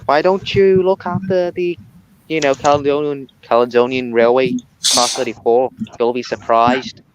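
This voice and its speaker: A man chatting casually with a friend, laid-back and chiming in with quick reactions. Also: mid-range voice, fairly even intonation, muffled recording, a little hiss or hum. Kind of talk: casual chat.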